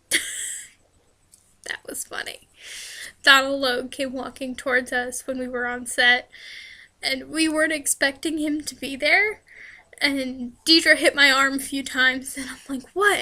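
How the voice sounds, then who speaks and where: A woman's voice: high-pitched, bright, forceful tone. A young woman chatting casually as she answers fan questions in a vlog, often breaking into laughter. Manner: giggly, laughs often while talking. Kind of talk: casual chat.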